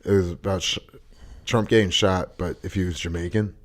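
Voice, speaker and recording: A man's voice: low voice, steady tone, a little fast. A young man hosting a podcast in loose, profane, joking casual chat. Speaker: podcast host.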